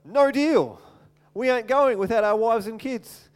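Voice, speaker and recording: A man voicing a bold, defiant male Bible leader in a loud, emphatic, triumphant way, with a long hall reverb. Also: extremely high pitch, a little slow, clean tone.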